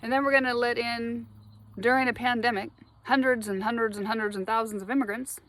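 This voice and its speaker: A woman talking straight to her viewers in a rambling spiritual monologue, animated, laughing often and swearing freely. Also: a little high, brisk. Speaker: spiritual vlogger.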